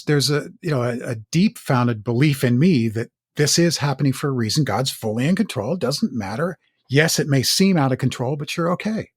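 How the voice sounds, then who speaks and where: A middle-aged man from Northern California, an actor, telling candid stories in a podcast interview in an earnest, halting way that often repeats words. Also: mid-range voice, dry recording, clean studio sound. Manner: earnest, halting, with frequent word repeats and restarts.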